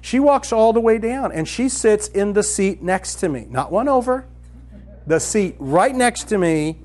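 A man in his fifties telling a lively story in a sermon, acting out the dialogue as he goes. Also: high voice, measured pace. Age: 50s.

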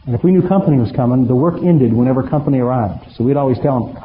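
Animated male pastor in an echoing hall. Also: mid-range voice, very fast. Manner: animated, acts out dialogue with humor. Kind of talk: storytelling sermon. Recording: reverberant hall, muffled with faint noise.

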